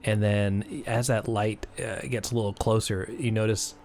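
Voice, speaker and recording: A young man narrating as game master in a tabletop game, relaxed and hesitant, laughing often. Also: on the low side, normal speed, slight background noise.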